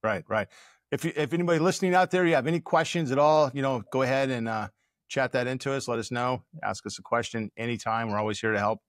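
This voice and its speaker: A man's voice: mid-range voice, fast, dry recording. A man hosting a casual podcast chat in a studio, rambling and searching for words with many fillers. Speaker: podcast host. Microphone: studio microphone.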